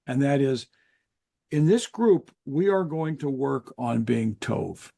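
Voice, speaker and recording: An older man, a guest author in an interview, explaining in an earnest, measured way with pauses. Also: mid-range voice, animated, vocal fry, dark tone. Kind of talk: interview conversation.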